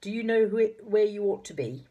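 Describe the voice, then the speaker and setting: A woman voicing an old male pixie spell maker who talks in a loud, booming way. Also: animated, a little fast, lo-fi sound, natural voice. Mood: delighted.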